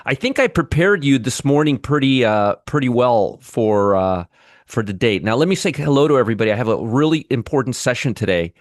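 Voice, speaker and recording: A man's voice: medium pitch, lively intonation, a little fast, dry recording, studio quality. Rambling middle-aged male livestream host. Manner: rambling, greets viewers by name, many restarts. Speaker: trading show host. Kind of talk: casual livestream chat.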